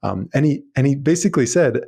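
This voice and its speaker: A man with a gravelly, dark-toned voice, talking as a guest expert. He explains ideas eagerly in a casual chat, with plenty of "um"s along the way. His tone is mellow rather than bright. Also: medium pitch, animated, fast talker. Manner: eager explainer with many fillers. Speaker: guest mathematician.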